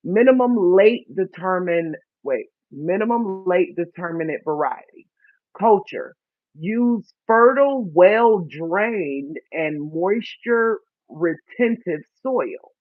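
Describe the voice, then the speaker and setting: High-voiced man chatting through his first garden. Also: expressive, no room sound. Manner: chatty, self-mocking, reads labels aloud haltingly. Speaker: vlogger. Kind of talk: casual chat while gardening. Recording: dry, tinny phone-like sound.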